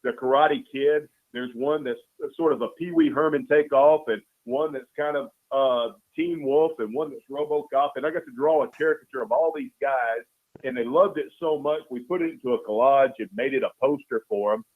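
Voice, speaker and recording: A man who works as a caricature artist calls in as a guest for a casual chat, his medium-pitched voice at a moderate pace coming through a tinny phone line. He talks in an easygoing, earnest way and often says "man".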